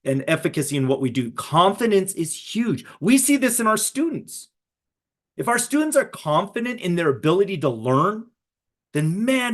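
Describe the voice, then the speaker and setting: Middle-aged guy running a webinar for teachers on a video call, slightly high voice, chatty, keeps saying right?. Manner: conversational, often adds a checking "right?". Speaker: webinar presenter for educators. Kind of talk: live webinar presentation.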